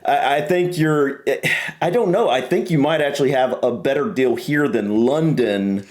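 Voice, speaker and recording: A man's voice: mid-range voice, normal speed, a little mellow. A man with a mild Southern American accent, hosting a casual reaction chat, rambling and repeating words as he thinks aloud. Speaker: reaction video host.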